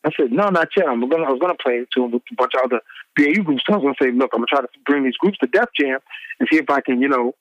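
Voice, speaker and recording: A middle-aged man, a former radio DJ, telling animated stories in an interview and acting out the people he quotes. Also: racing, dry recording, muffled recording. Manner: acts out quoted people with big pitch swings.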